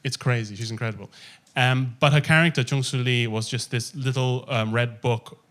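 A man in his thirties from Malaysia, a podcast guest who talks in an animated, amused way and laughs through his stories. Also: mid-range voice, moderate pace. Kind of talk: casual conversation.

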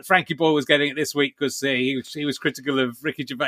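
Bright-voiced male podcast host. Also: mid-range voice, fairly even intonation, rapid-fire, hardly any pauses, no echo. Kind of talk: casual podcast chat.

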